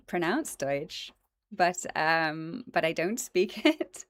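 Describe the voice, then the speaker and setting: Her deep voice moves slowly but with lively intonation, and there's no room sound. A voice actress with a British and American accent, she hosts a casual plant livestream close to her desk mic, chatting enthusiastically with viewers, filling pauses with ums, and making asides to chat.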